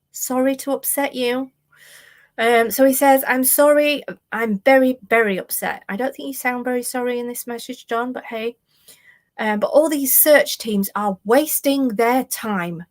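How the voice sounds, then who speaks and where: A woman hosting a true crime live stream, reading messages aloud with sarcastic, exasperated asides. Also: a little high. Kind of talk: casual live stream commentary.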